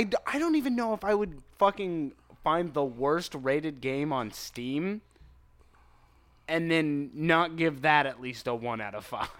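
A man in casual chat about video games, animated and swearing freely. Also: fairly high pitch. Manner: animated, frequent swearing and laughing.

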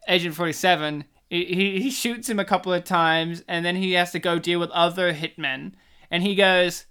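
Man, smooth clear voice, animated, casual movie podcast chat. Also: sits high. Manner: animated, laughing, puts on silly voices. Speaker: podcast co-host.

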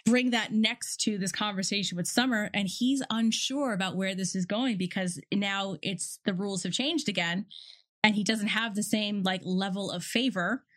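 A woman's voice: mid-range voice, moderate pace, a bit bright. A woman co-hosting a podcast, chatting casually about a TV episode and retelling scenes with lots of restarts. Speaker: podcast co-host. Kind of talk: casual TV recap chat.

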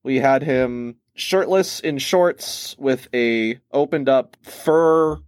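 A young man chats on a podcast and drifts through a long story, stumbling over fillers and restarting his sentences. His pitch sits right in the middle for a man. The sound is dry and close, with no room around it. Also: slow, darkish tone, clear, resonant tone, no echo. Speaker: podcast co-host. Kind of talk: casual chat.

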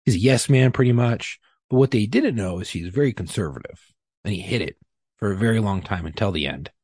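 A man with a low, husky voice tells a work story on a podcast. He swears freely and plays out both sides of the argument with rising heat. The sound is dry and close. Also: dry recording. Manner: profane, animated retelling with heated quoted exchanges. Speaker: police officer guest.

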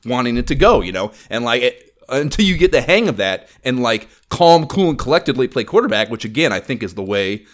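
A man's voice: mid-range voice, very animated, fairly quick, few pauses, fairly bright tone. Rambling, profane man. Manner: rambling, profane, filler-heavy. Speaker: podcast co-host. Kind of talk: casual gaming podcast chat.

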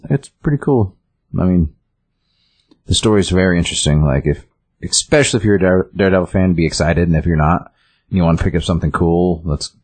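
Husky, deep-voiced man rambling about comics. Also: darkish tone. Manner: rambling, restarts often, loose summary with quoted lines. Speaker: comic book show co-host. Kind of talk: casual comic review chat.

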